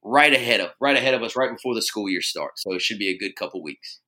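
A man chats loosely as a podcast co-host, his voice bright and forward. He jokes easily and rambles, leaning on fillers as he goes. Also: lowish voice, animated, fast talker. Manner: easygoing, joking, rambling with fillers. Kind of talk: casual podcast chat.

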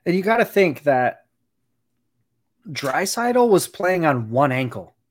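A man co-hosting a casual sports podcast, talking through team analysis in a measured, analytical way and often saying "you know". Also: on the high side, big pitch swings. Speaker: podcast co-host, hockey analyst.

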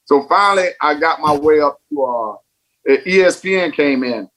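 Emphatic storytelling ex-ballplayer, slightly high. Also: male voice, lively intonation, moderate pace, fairly bright tone, poor audio. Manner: emphatic storyteller who repeats phrases. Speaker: guest, retired baseball player. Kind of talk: casual podcast interview.

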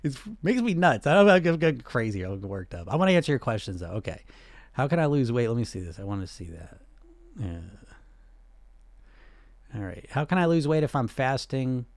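A middle-aged man coaching on weight loss and answering questions, blunt and animated, firing off rhetorical questions. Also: mid-range voice, fairly quick, dry recording.

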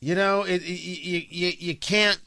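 A male radio host giving a wry, animated talk-radio monologue, correcting himself as he goes. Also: high-pitched, a little slow, gravelly, clean tone, dry recording.

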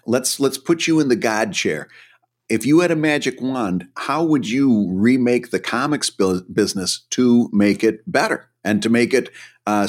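A man hosting a casual podcast chat, asking relaxed, leading questions. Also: medium pitch.

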